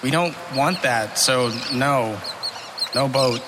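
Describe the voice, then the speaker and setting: A man's voice: mid-range voice, takes it slowly, noisy background, lightly acted. A man voicing a rude, dismissive island local with a slight rural accent in a comedy sketch. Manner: blunt and dismissive.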